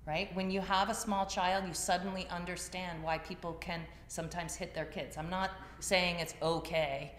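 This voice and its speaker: Lower-voiced woman teaching in an echoey room. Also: fairly even intonation, moderate pace, few pauses, slight background noise. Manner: conversational storytelling. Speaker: yoga teacher. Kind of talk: class talk. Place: class room. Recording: echoey room, faint ambience.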